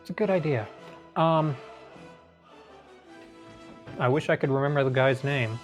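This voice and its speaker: A man's voice: medium pitch, measured pace, faint music behind. A man playing in a tabletop game, polite and agreeable, with some hesitation. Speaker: player. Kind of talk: casual tabletop play.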